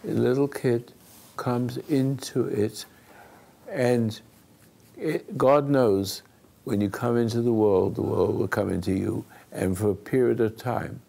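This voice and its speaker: A man with a heavily gravelly, husky voice hosts a spiritual call-in show. He speaks in an unhurried, drawn-out way and keeps putting rhetorical questions to his listener. His pitch sits a little high for a man. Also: mellow. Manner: slow, preachy, rhetorical questions. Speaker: radio show host.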